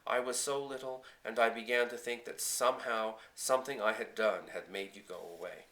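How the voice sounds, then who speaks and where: A man reading the lines of a hurt, proud grown farmer father in a storybook audiobook, soft and low. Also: fairly even intonation, normal speed, natural voice, rough recording. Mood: aching, soft.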